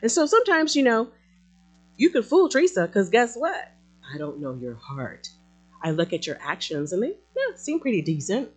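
A woman's voice: mid-range voice, big pitch swings, normal speed, soft background music. A woman preaching a sermon in a conversational, emphatic way, acting out quotes as she goes.

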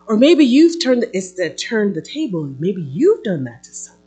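A pastor preaching a sermon in an animated way, with playful asides and acted-out quotes. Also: medium pitch, normal speed, husky, soft background music.

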